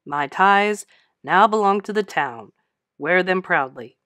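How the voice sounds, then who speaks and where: A woman voicing a kindly male school principal in a children's storybook, in a lively, expressive voice. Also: lowish voice, slow pace, dry recording. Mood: heartfelt.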